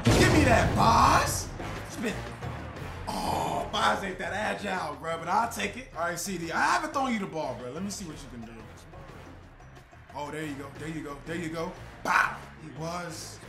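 A young man, excitable and foul-mouthed, swinging between yelling and muttering. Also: high voice. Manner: excitable, swears, trash talk. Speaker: gaming YouTuber. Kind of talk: casual gameplay commentary. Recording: roomy echo with loud game music.

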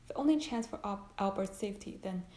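A woman's voice: medium pitch, animated, fairly quick, a little mellow, reverberant, close to an everyday voice. A woman voicing an earnest, anxious young soldier, reading his lines in a pleading way.

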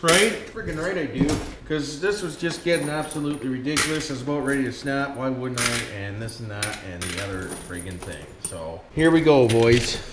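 A man's voice: fairly high pitch, echoey room, noisy background. A man from Canada with a Canadian accent, chatting to his viewers as he works in his workshop, cursing and calling them 'boys'. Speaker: vlogger. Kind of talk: casual workshop vlog, talking to viewers.

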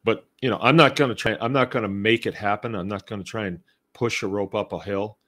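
Relaxed low-voiced middle-aged homestead host. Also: male voice, a little fast. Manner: rambling, relaxed and conversational, with many restarts. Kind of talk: casual live-show talk reading listener comments.

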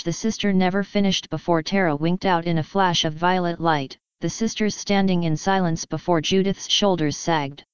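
A woman narrating a story with an even, steady delivery. Her voice sits a little low and is exceptionally clear. The sound is dry and close. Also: moderate pace, hardly any pauses, dry recording, poor audio. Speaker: story reader. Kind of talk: scripted narration.

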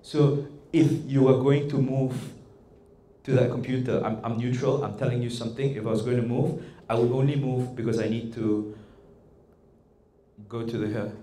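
Guy running a workshop, keeps asking the crowd stuff, roomy echo, bit of background hum. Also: medium pitch. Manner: animated, coaxing, asks the audience often. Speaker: workshop trainer. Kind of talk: interactive workshop talk. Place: indoor workshop room. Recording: echoey room with faint ambience.

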